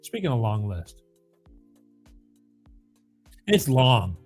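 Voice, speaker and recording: A man's voice: mid-range voice, sing-song, drawn-out words, darkish tone, soft background music. A man hosting his own opinion show, talking emphatically, stumbling over words and restarting. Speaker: podcast host. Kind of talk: opinionated political talk.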